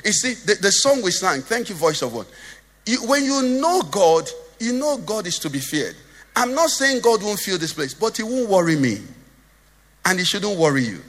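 A man's voice: sits high, big pitch swings, moderate pace, a bit bright, long reverb tail. A Nigerian man preaching a sermon as pastor, joking and asking the congregation questions. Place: church hall.

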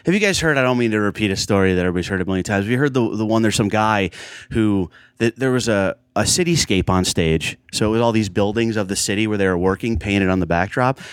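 A man, a comedian, chatting casually in a hotel room and telling lively stories, laughing often. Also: on the low side, quick pace, clear, resonant tone, no echo, clean studio sound. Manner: animated storyteller, laughs often. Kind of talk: casual chat.

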